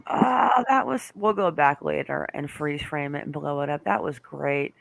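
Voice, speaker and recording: A woman's voice: deep voice, normal speed, gravelly, no room sound. A woman hosting a live stream, chatting casually and emotionally with many restarts and fillers. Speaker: host.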